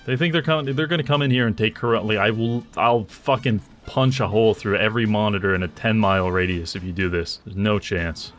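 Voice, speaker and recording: Male gamer, lower voice, sardonic commentary with bursts of mock rage, light music bed. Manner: sardonic, excitable, swings into loud outbursts. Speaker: gaming YouTuber. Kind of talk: casual gameplay commentary.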